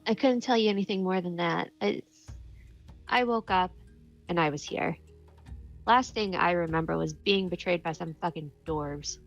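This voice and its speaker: A woman's voice: medium pitch, normal speed, pauses often, soft background music, close to an everyday voice. A woman voicing a self-absorbed, disdainful female convict in a curt, dismissive way, in tabletop role-play. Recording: dull lo-fi mic.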